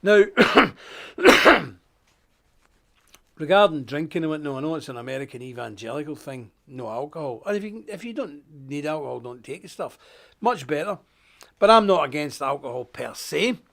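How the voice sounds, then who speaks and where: A man hosting a live stream, preaching casually in a jokey, animated way, with loud emphasis and quiet asides. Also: on the high side, normal speed, vocal fry.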